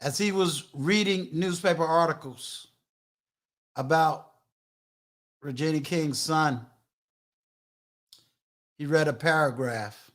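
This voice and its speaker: An older man hosting a live-streamed talk show, emphatic, booming out introductions and shout-outs. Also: slow pace, long pauses. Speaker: host.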